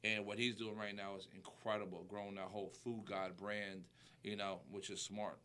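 Bright-voiced New York man. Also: fairly low pitch, flat delivery, moderate pace, clear, resonant tone. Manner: enthusiastic, repeats "incredible", many fillers. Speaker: music manager guest. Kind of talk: casual interview talk.

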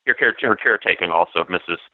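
A man's voice: low-pitched, racing, no echo. A man co-hosting a casual film podcast, talking in a chatty, digressive way with many fillers. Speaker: podcast co-host. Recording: dry, phone-like narrow sound.

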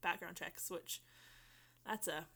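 A woman's voice: lowish voice, takes it slowly, creaky, bright, forceful tone. A young woman co-hosting a casual podcast, with dry, self-mocking humor and frequent laughs. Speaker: podcast co-host.

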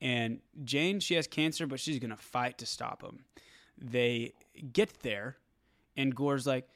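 A man co-hosting a casual movie review chat, animated and profane, often laughing. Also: mid-range voice, slow pace, no echo, studio quality. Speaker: movie review podcast co-host.

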